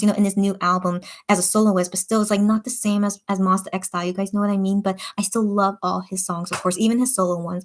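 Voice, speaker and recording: A young woman hosting a late-night livestream, chatting casually as she reads out and answers viewer comments, full of fillers and restarts. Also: medium pitch. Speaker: livestream host reading chat. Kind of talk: casual chat.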